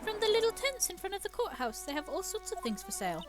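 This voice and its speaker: A woman reading game dialogue aloud, voicing a bubbly, excitable young female sidekick who talks brightly and quickly, with game music behind her. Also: extremely high pitch, voice pushed up. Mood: excited.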